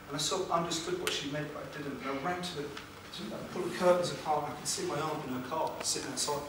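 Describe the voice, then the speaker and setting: A man, a motivational speaker telling an emotional personal story at a seminar, with dramatic pauses and questions to the audience. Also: on the high side, fairly even intonation. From England. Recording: echoey room, distant mic, background noise.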